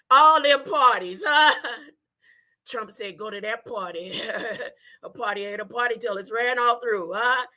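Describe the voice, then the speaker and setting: A woman's voice: on the high side, slow, pushed and bright. A woman preaching on a live stream, laughing often, repeating herself and asking "huh?" between points. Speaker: online preacher. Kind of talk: animated live-stream talk about dreams and scripture.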